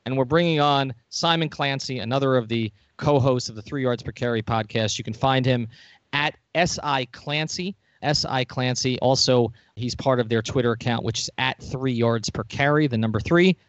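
A man's voice: medium pitch, steady tone, dry recording. Male podcast host, upbeat and joking; dry, muffled lo-fi sound. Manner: upbeat, talkative, quick to joke. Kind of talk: casual podcast chat.

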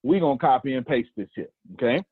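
A man in his forties with a Southern American accent hosts a motivational group call, animated and preachy, repeating phrases straight to the listeners. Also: medium pitch, quick pace, slightly rough, dry recording. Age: 40s. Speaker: host of a coaching call. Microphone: video call. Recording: tinny phone-like call audio.

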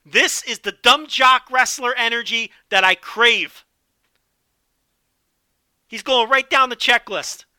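A man hosting a solo podcast with animated, profane, joking commentary. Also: very high voice, slow pace, pauses often, clear, resonant tone, dry recording, studio quality. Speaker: podcast host.

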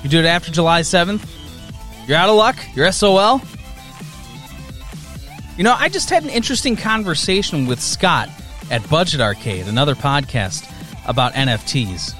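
Man, podcast host, promo announcements, animated voice, higher pitch. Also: moderate pace, long pauses, soft background music. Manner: upbeat promotional delivery.

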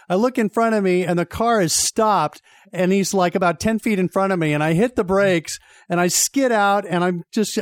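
A young man with a high voice tells a story on a radio show, lively and quick to laugh. The sound is dry and close, with no room around it. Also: no echo. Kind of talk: casual storytelling chat.

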